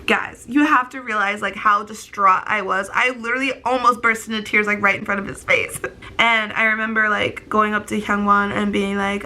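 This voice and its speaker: Bright-voiced young woman on the verge of tears. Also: medium pitch, steady tone, moderate pace, slight background noise. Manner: filler-heavy, rambling, tearful. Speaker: vlogger. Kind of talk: casual storytelling to camera.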